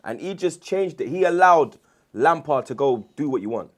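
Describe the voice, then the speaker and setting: A man, chatting casually as a football pundit and telling stories in a lively, slangy way. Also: a little high, moderate pace. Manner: animated storyteller, slangy. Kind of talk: casual chat.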